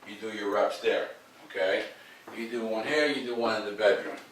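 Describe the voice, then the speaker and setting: A man's voice: on the low side, normal speed, fairly bright tone. A man working as a dog trainer, coaching owners at home in a direct, demanding, joking way. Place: home, indoors. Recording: roomy, distant, faint background noise.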